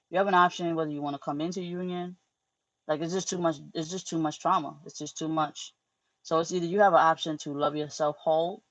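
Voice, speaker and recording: A woman's voice: low-pitched, no echo, dull audio. A woman, a spiritual teacher, tells a personal story in a casual monologue, talking loosely, profanely and with animation.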